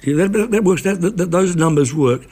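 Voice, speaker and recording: An older man, a former reporter, talking as a guest in a casual conversation, halting often with restarts and repeated words. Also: high-pitched, expressive, darkish tone.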